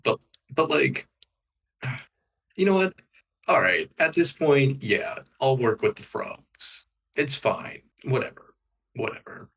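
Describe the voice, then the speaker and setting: A man playing a tabletop game, talking in halting bursts with many restarts. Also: mid-range voice, sing-song, creaky, fairly bright tone. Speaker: player. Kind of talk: casual tabletop role-play.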